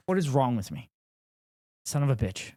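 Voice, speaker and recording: A man's voice: mid-range voice, unhurried, no room sound, clean studio sound. A man streaming live, casually reacting and joking with plenty of swearing. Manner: profane, animated and joking.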